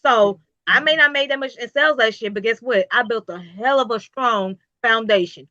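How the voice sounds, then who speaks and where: A woman's voice: on the high side, moderate pace, bright, forceful tone, no room sound, muffled recording. A woman business owner talking in an interview, emphatic and preachy, with repetitive motivational phrasing. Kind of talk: casual interview talk.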